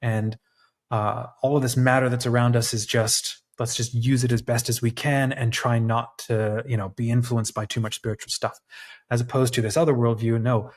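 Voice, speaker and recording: A man's voice: medium pitch, level tone, moderate pace. A man hosting a reflective solo talk, thinking aloud and searching for words with frequent restarts and fillers. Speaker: podcast host. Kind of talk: reflective monologue.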